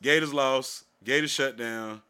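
A man co-hosting a casual podcast, telling a profane story with lots of energy and getting louder and higher as he gets worked up. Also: a little slow, clean tone. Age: adult with a wife, working age. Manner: animated, profane storytelling, gets loud and high when worked up. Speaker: podcast co-host.

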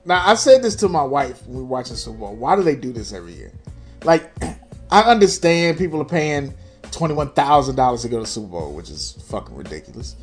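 A man's voice: mid-range voice, sing-song, fairly quick, soft background music. A young adult man co-hosting a casual sports chat, talking bluntly and profanely with a dismissive edge. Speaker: podcast co-host.

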